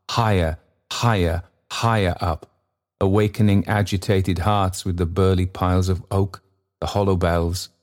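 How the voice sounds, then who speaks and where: A man narrating an audiobook in a measured, unhurried manner. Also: low voice, darkish tone. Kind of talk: audiobook reading.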